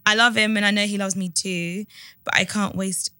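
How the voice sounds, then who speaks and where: A young woman co-hosting an advice podcast, agreeable and full of quick yeahs, reading a listener's letter aloud. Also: flat delivery, pushed and bright, dry recording, clean studio sound. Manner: agreeable, frequent yeahs, lowers voice when reading. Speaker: podcast co-host.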